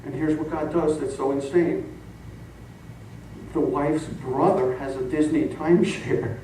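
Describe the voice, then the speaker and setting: With a voice on the high side and a measured pace, a middle-aged pastor tells stories in his sermon, laughing along animatedly. The recording picks him up from far off in an echoey church sanctuary, with a little hiss or hum.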